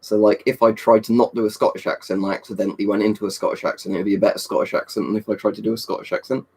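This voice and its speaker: A man's voice: on the low side, little pitch movement, very fast, darkish tone, husky. A man chatting casually on a live stream in a rambling, talkative way, answering viewers' questions and swearing now and then. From Britain.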